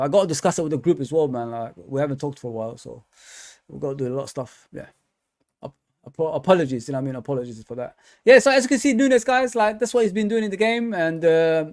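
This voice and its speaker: Chatty football fan hosting a live stream. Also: male voice, a little high, darkish tone. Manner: casual and chatty, with many fillers and repeats. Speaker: fan channel host.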